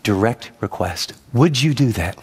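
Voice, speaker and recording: A man's voice: mid-range voice, lively intonation, unhurried, breathy edge. A man preaching a sermon as a pastor, shifting between personal storytelling and urgent direct address, driving points home with repeated emphatic phrases.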